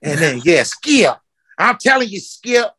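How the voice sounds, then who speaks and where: A fiery man, speaking in a fairly high register. He preaches and calls people out with question after question. His voice sounds close and dry, with no room echo. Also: very animated, a little slow, pushed and bright, slightly rough. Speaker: footwear company founder. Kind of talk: passionate interview talk.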